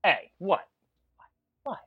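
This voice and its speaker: A man co-hosting a podcast, chatting casually and excitedly while watching wrestling, joking and laughing often. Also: drawn-out words, narrow, tinny audio. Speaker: podcast co-host.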